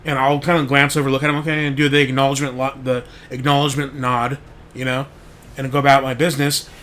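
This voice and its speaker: A man's voice: medium pitch, little pitch movement, fast, fairly bright tone, a little hiss or hum. A man hosting a show, telling a rambling story in a casual monologue, full of "like" and frequent swearing. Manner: rambling, heavy on "like", swears freely. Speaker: podcast host.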